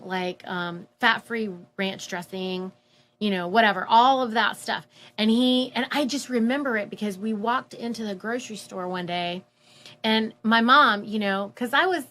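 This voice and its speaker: A woman casually telling a personal story, animated and full of fillers, acting out the voices of people she quotes. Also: mid-range voice, unhurried. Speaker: guest telling her story.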